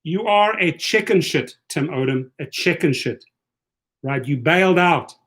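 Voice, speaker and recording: A man's voice: fairly high pitch, animated, a little slow, a bit bright. A man hosting a casual livestream, taunting a viewer in a combative, repetitive way. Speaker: livestream host.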